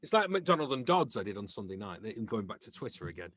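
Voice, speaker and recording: A man's voice: lowish voice, quick pace, no room sound. A middle-aged man from England, a comedian and actor, chatting as a podcast guest and acting out the people in his stories. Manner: lively storyteller who acts out quoted voices. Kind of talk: casual anecdotal chat.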